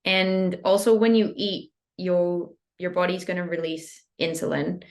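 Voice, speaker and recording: A woman who is a guest on a podcast, explaining nutrition in a steady, casual way and often saying "like". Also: lowish voice, a little slow. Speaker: health guest.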